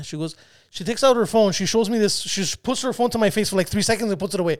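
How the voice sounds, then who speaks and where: A man in his forties talking fast and a touch high as he co-hosts a casual podcast chat. He tells his stories with energy and acts out every side of the dialogue. His voice sounds dry and close to the mic. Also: dry recording. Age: 40s. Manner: animated storyteller, acts out dialogue. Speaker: podcast co-host.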